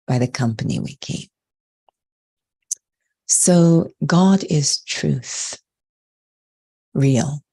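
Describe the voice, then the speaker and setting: A woman from Canada, a meditation teacher giving a slow, measured spiritual talk. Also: rumbling low, vocal fry, slightly rough. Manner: calm, measured, unhurried.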